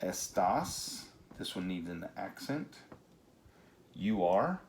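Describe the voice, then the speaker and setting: A low-pitched man gives a grammar lesson at a whiteboard. He talks in a relaxed way, with many fillers and check-ins, over a faint background noise. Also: unhurried. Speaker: Spanish teacher.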